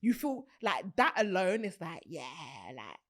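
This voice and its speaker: A young British woman hosting a podcast in casual chat, animated, laughing often and swearing casually. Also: medium pitch, unhurried. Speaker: podcast host.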